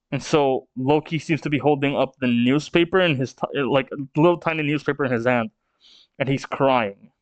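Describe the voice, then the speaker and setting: A man's voice: medium pitch, moderate pace, dry recording. A man hosting a manga read-along, commenting casually with many fillers and restarts. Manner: hesitant, filler-heavy. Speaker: manga reaction host.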